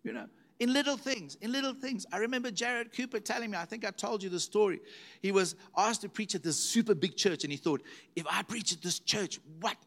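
A man's voice: high-pitched, brisk, fairly bright tone. A middle-aged man preaching a sermon, telling stories animatedly and repeating words for emphasis. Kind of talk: sermon storytelling.

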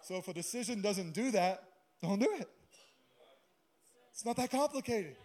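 Guy preaching a sermon, kinda high voice but warm, chatty and jokey. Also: expressive, normal speed. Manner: conversational preaching with humorous asides. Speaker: pastor.

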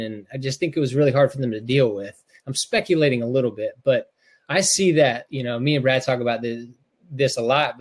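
A middle-aged man from North Carolina chats on a podcast in a mid-range voice. He is openly emotional and rambles, stumbling over restarts and fillers as he tells his story. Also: mid-range voice. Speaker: podcast co-host, parent. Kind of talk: casual podcast chat.

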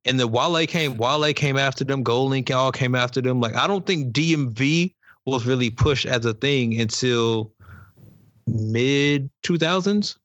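A man's voice: medium pitch, measured pace, a bit bright, no room sound. A young man co-hosting a podcast, eagerly interrupting and pushing his points in casual chat. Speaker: podcast co-host.

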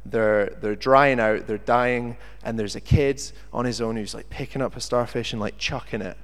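A man delivers a sermon in an animated storytelling manner, acting out the voices of the people in his story. His voice sits at an ordinary middle pitch. It rings out with the long reverb of a large hall. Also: normal speed. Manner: animated storyteller who acts out quotes. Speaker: preacher.

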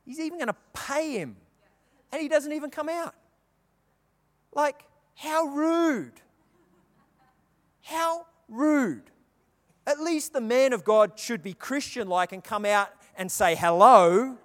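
A man preaching a sermon, telling the story with animated delivery and acting out the characters' lines. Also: extremely high pitch, normal speed. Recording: long reverb of a large hall.

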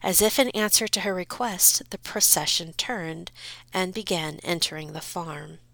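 A woman's voice: lowish voice, moderate pace, gravelly, a bit bright, dry recording. A woman narrating a storybook in a wry, dry storytelling manner.

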